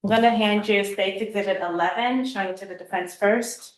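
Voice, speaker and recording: Woman attorney questioning a witness, steady and measured, roomy courtroom sound. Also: mid-range voice. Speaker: prosecutor.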